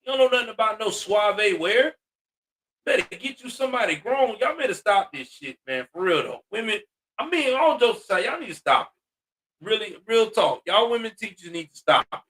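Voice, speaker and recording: A man with a bright, high-pitched voice delivers blunt, profane commentary, lecturing his listeners. He sounds exasperated and straight-talking. The voice sits a little back from the mic. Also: lively intonation, moderate pace, far from the mic. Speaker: commentary host. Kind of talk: ranting social commentary.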